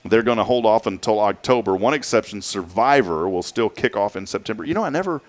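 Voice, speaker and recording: A low-pitched man hosts a morning show in a rambling, chatty way. His sentences start over often, and his voice swings widely up and down as he talks. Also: lively intonation, a little fast. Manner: rambling, self-interrupting, chatty. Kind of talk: casual chat.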